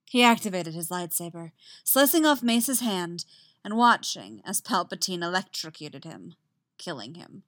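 A woman reading a story aloud, slow and soft-spoken, letting her phrases fall quiet at the ends. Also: on the low side, very animated, in a large hall. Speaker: fan fiction reader. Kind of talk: storytelling narration.

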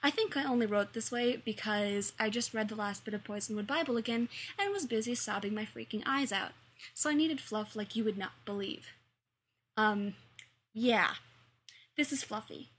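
A woman's voice: a little high, a bit bright, slightly rough. A woman with a light, playful manner, narrating her own short story. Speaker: fan fiction reader and author.

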